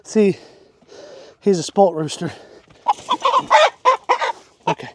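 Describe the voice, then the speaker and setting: A man's voice: high voice, normal speed, heavy background noise. A young man making a casual farm vlog outdoors, joking as he talks to his chickens. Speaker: homesteader vlogger.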